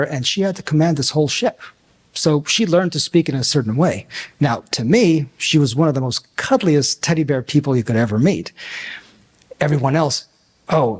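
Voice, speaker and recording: A man speaking as a physician coach at a conference, conversational and lively, now and then acting out quoted dialogue in loud bursts. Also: fairly high pitch. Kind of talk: conference talk. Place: conference room.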